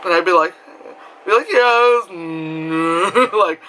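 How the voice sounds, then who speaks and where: A young man telling a story in casual vlog style, rambling with lots of fillers and breaking into loud screams and laughter. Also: on the high side, slow pace, slight background noise, low-quality recording. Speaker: vlogger.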